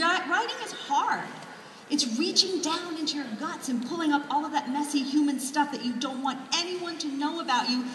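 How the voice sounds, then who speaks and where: Against a noisy background, a high-voiced woman author gives a funny keynote in a big hall, recorded from a distance with echo and a crowd. Her humor is dry and self-mocking, with sharp punchlines that draw audience laughter.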